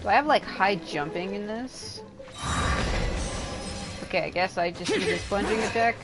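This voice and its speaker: A woman's voice: medium pitch, animated, normal speed, music in the background. A woman streaming a video game, rambling and exasperated as she comments, swearing often. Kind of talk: casual live gameplay commentary.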